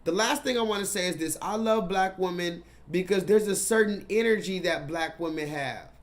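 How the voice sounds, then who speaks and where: A man hosts a casual livestream, addressing his chat in an emphatic, repetitive way and swearing freely. His speaking voice sits fairly high for a man. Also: moderate pace. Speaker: livestream host.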